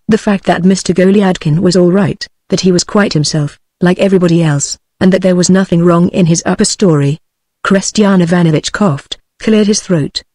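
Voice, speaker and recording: A woman's voice: lowish voice, no room sound. Synthetic British woman reading a novel. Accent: British English. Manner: even, steady, synthetic reading. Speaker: audiobook narrator. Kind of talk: text-to-speech audiobook narration.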